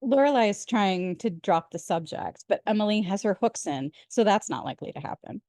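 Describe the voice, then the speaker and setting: A woman's voice: mid-range voice, animated, brisk, a little mellow, no room sound, clean studio sound. A woman co-hosting a podcast, narrating episode recaps in a wry, chatty way. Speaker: podcast co-host. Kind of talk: casual recap chat.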